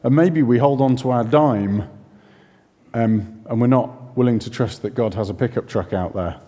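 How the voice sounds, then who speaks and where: A man giving a sermon in a relaxed, conversational way, full of self-questions and chatty asides. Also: medium pitch, moderate pace. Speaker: preacher. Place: church. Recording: reverberant church hall.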